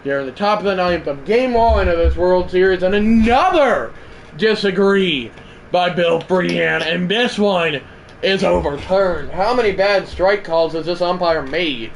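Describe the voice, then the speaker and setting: Streamer, male, fairly high voice, casual play-by-play for a baseball video game, chatty and self-correcting, faint hiss behind. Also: animated, measured pace. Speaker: livestreamer and play-by-play announcer.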